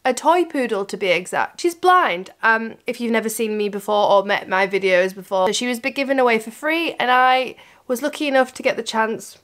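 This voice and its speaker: A woman's voice: a little high, fairly quick, fairly bright tone. A woman vlogging casually at home, rambling and self-mocking in a playful way. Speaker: vlogger and dog trainer. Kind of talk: casual chatty vlog. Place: at home with her dogs.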